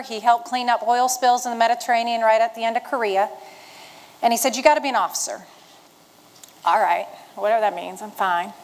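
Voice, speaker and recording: In a rough recording, a middle-aged woman from the Shenandoah Valley in western Virginia delivers storytelling speech to an audience. Her voice sits somewhat high, her manner is folksy and humorous, and she rallies listeners like a retired Marine talking to fellow veterans.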